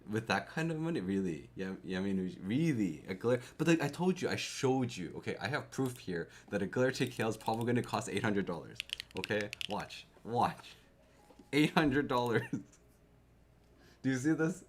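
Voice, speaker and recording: A young man with a fairly low voice hosts a casual live stream and talks straight to his viewers. He is excitable, breaks into laughs often and tends to repeat himself. He comes from Canada. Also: brisk. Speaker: keyboard streamer.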